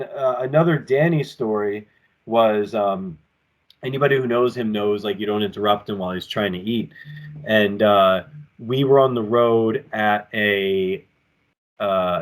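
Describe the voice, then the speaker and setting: Animated, rambling male wrestler guest. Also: mid-range voice. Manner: rambling and animated, acting out quotes. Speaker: professional wrestler, podcast guest. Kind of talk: casual storytelling in an interview. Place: home apartment with collectibles shelves.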